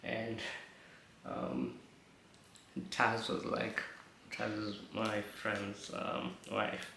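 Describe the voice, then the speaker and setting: A man's voice: fairly low pitch, flat delivery, extremely slow, creaky, pushed and bright, a little hiss or hum. A man vlogging casually with a slight lisp from new braces, chatty and rambling, swearing now and then. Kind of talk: casual storytelling vlog. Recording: echoey room.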